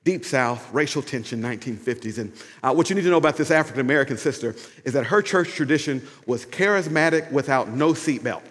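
Pastor preaching in an echoing church. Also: male voice, mid-range voice, quick pace, few pauses. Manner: animated storytelling swinging into hushed prayer. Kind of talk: sermon. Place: church sanctuary. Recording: long hall reverb with music behind.

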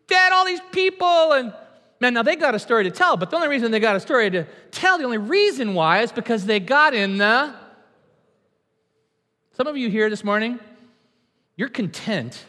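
A man's voice: extremely high pitch, expressive, a little fast, long pauses, pushed and bright. A male pastor preaching a sermon in a church, emphatic and conversational, acting out quotes. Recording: long hall reverb.

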